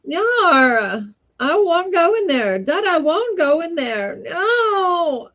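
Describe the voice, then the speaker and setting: A woman reading a story aloud, voicing a small spoiled boy who protests in a squeaky, crying voice. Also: very animated, drawn-out words, fairly bright tone, heavily acted. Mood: tearful refusal.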